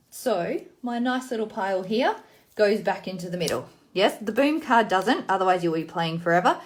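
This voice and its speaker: A woman demonstrating phonics card games in a casual tutorial, sounding out words letter by letter and explaining the rules in a chatty way. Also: mid-range voice. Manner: sounds out words slowly, then explains briskly. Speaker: teacher demonstrating literacy games.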